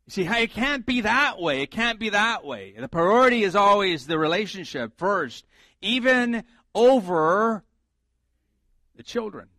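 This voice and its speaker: A man's voice: high voice, lively intonation, a little slow, bright, forceful tone, dry recording. A middle-aged male pastor preaching a sermon in a conversational, humorous way, repeating his key points for emphasis.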